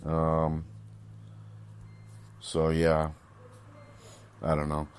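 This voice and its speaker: A man's voice: very deep voice, completely flat delivery, extremely slow, slight background noise. A man co-hosting a casual recovery podcast, laid-back and agreeable, trailing off with fillers. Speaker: podcast co-host. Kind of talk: casual chat.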